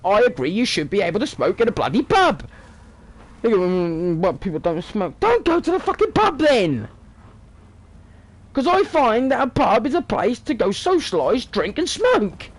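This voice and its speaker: British man, 30s, vlogger; high, bouncy pitch, sweary sarcastic rant. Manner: sweary, sarcastic, animated ranting. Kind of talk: casual ranting monologue.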